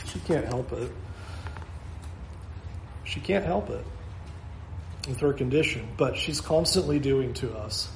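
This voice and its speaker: A man's voice: medium pitch, animated, slow pace, creaky, long pauses, reverberant, slight background noise. A man preaching a sermon as pastor, earnest and repetitive, asking his listeners question after question.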